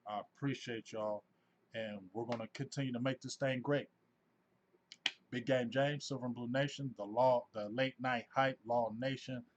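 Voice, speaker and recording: A man in his forties hosting a casual sports fan livestream, talking in an animated, effusive way and reading out viewers' names. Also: medium pitch, muffled recording, slight background noise. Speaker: host of a sports fan live show.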